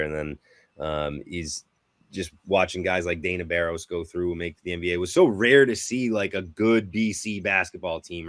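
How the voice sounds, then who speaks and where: A man co-hosting a casual sports podcast, talking in a relaxed, halting way with many fillers. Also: deep voice, dry recording. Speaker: podcast co-host.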